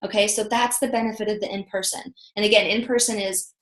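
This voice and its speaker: A woman in her thirties leading a motivational team training call, telling chatty, animated stories. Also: mid-range voice, fast, roomy sound. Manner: chatty, animated storytelling with acted quotes. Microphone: video call.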